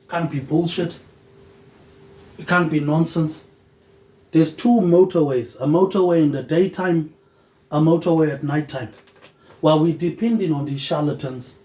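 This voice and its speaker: Man, rambling solo podcast monologue, slightly high voice, mellow dark tone. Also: roomy sound, low-quality recording. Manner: tacks a low, quiet "mate" onto the end of phrases; drifting, loosely connected talk with "um" pauses. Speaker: podcast host.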